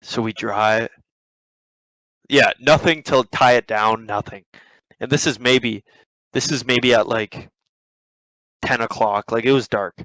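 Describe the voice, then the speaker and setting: A young podcast host tells a rambling, profane story, restarting his sentences many times in a casual way. His voice is medium-pitched with a fairly bright tone, and the audio is poor but has no echo.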